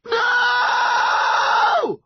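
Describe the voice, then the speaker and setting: A man voicing a desperate young boy who yells and pleads as he clings to his mother. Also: lowish voice, animated, fairly quick, lo-fi sound, noisy background, close to an everyday voice. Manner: yelling, pleading.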